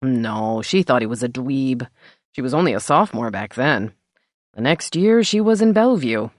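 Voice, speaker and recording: Lady doing a gruff deadpan sheriff guy, low and blunt, audiobook. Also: moderate pace, no room sound, clean studio sound.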